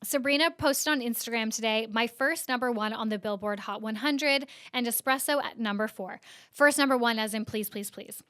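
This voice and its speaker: A woman's voice: a little high, moderate pace, fairly bright tone, clear, resonant tone, no echo, studio quality. A woman hosting a podcast, recapping internet news in a casual, chatty way full of "like" fillers. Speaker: podcast host.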